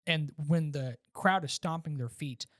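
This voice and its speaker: A man co-hosting a podcast, casually reviewing a movie and retelling scenes with animated restarts. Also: on the high side, a little slow, no room sound, clean studio sound. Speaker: podcast co-host.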